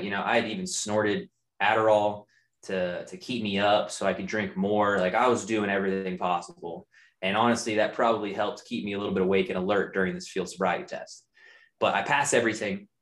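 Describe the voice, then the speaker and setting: A man's voice: on the low side, fairly bright tone. A young adult man telling a personal story in a casual, candid way, with loose, profane phrasing. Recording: roomy echo.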